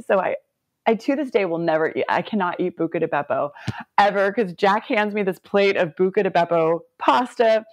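A woman's voice: mid-range voice, fairly quick, no echo. Woman, 40s, from the United States, podcast guest, storytelling, laughs often, close dry sound. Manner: animated, laughs often, acts out quotes. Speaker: Olympic swimmer guest.

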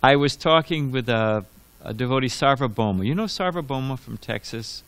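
A man's voice: medium pitch, animated, moderate pace, fairly bright tone, clear, resonant tone. A man giving a scripture class in a conversational, digressive storytelling manner, full of restarts and asides. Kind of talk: sermon. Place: temple hall.

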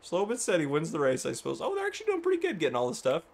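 A man's voice: fairly high pitch, wildly swooping pitch, rapid-fire, gravelly, a little mellow. A man hosting a live farming-game stream, chatting with viewers by name and breaking into helpless laughter. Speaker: livestream gameplay host.

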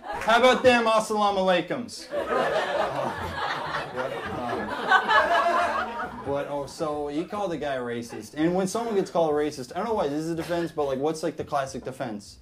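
A young man doing a stand-up comedy set on a club stage, rambling deadpan with lots of fillers. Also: fairly high pitch, fast talker, few pauses, heavy background noise.

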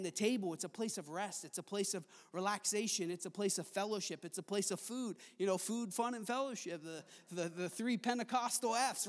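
Man, chapel sermon, very high pitch, long echoing reverb, swings soft to loud. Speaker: chapel preacher. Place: large chapel hall.

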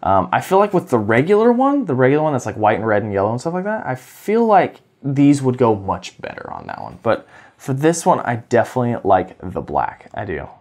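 A woman's voice: extremely low pitch, wildly swooping pitch, a little fast, darkish tone. A woman casually demonstrating a toy robot at a table, chatting and gushing, cooing at it in baby talk, recorded on a handheld camera. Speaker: toy reviewer. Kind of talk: casual hands-on demo.

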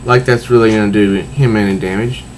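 A man's voice: lowish voice, fairly even intonation, brisk, a little mellow, a little hiss or hum, rough recording. A man casually reviewing a comic book, rambling with frequent restarts. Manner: rambling, many restarts, easygoing.

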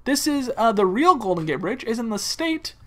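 A young Californian man hosts a gaming video, giving casual, rambling, joking commentary as he plays, with silly bits and mock-wildlife-presenter asides. His voice is extremely high, with big pitch swings, a moderate pace, and a pushed, bright sound.

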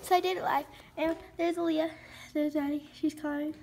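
A female vlogger at home chatting to her handheld camera, excitedly calling out to a baby and giggling. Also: sits high, moderate pace, gravelly, slight background noise. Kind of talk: casual home vlog.

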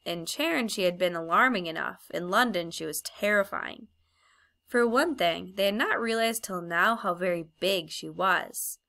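A woman narrating a storybook in a low, gravelly voice with a bright edge. Her reading is measured and expressive. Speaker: audiobook narrator.

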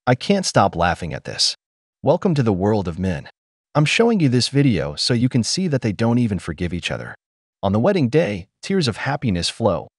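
A man narrates scripted commentary in a mocking, sardonic tone. His pitch moves lively up and down over a very dry, close recording. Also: no room sound. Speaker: channel commentator.

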